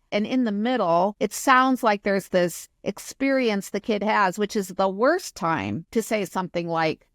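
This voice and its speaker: A woman's voice: medium pitch, a little slow, hardly any pauses, no room sound, studio quality. A woman co-hosting a podcast conversation, thoughtfully summing up what she hears. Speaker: podcast co-host.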